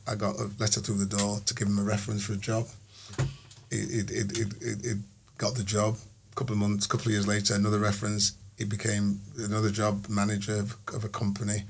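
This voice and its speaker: A middle-aged man, a podcast guest telling lively anecdotes in casual chat and often repeating words. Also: lowish voice, creaky, slightly rough. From Sheffield, England.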